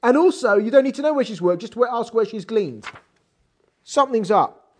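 An animated Torah teacher works through a text, firing off rhetorical questions. The pitch swings widely up and down. Hebrew terms are read out along the way. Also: normal speed. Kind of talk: text study lesson.

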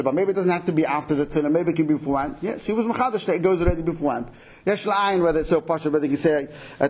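A man teaching a halacha class at a quick clip, his voice pitched fairly high. He explains in an animated way, laying out cases and questions. His tone has a husky edge. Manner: fast, animated explaining with Yiddish-English Torah terms. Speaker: Torah teacher.

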